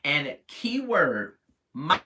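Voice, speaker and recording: Reviewer, casual recap, bright forceful voice, opinionated and animated with viewers. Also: drawn-out words, slight background noise. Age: adult parent. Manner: chatty, opinionated, talks straight to viewers; animated, jumps in pitch when reacting. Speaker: reality TV reviewer.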